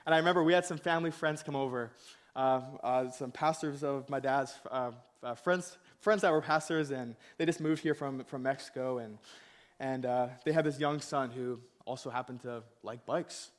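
A man's voice: medium pitch, moderate pace. A young man preaching in a casual storytelling way, laughing at himself and acting out the people in his story. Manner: laughing, self-mocking, acts out quoted voices. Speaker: pastor.

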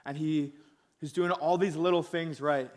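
Young male preacher, slightly high voice, casual, self-mocking storyteller. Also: fairly even intonation, unhurried, darkish tone. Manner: laughing, self-mocking, acts out quoted voices. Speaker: pastor.

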